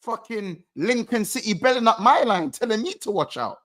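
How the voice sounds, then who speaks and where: A man's voice: high voice, animated, moderate pace, a bit bright. A man, bluntly venting about a football loss over a call in casual slang. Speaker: football channel co-host.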